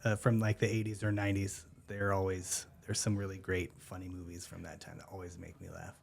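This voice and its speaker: A man's voice: low-pitched, flat delivery, fairly quick, vocal fry. Easygoing man, laughing often. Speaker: gym member, podcast guest. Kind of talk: casual interview chat.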